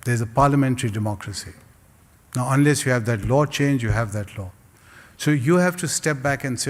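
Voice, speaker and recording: A man giving a public lecture and answering audience questions in a measured, rhetorical way with humorous asides. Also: mid-range voice. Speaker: guest speaker. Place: lecture hall. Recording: long hall reverb.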